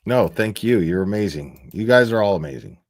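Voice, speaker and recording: A man's voice: on the low side, lively intonation, fairly quick. A man hosting a livestream, talking through legal documents in a rambling, profane, emotional way, often restarting his sentences. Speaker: livestream host reading case documents. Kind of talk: casual livestream commentary.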